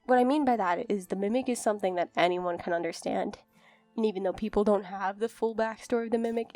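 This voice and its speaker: A woman creating a gaming video, talking in a chatty, rambling monologue full of fillers and restarts. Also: medium pitch.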